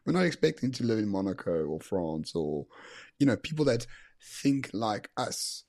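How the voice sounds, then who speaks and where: A man's voice: fairly low pitch, sing-song, moderate pace, darkish tone, no echo, clean studio sound. A man co-hosting a podcast, talking in an opinionated, emphatic way with sarcastic asides. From South Africa. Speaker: podcast co-host. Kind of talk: casual podcast chat.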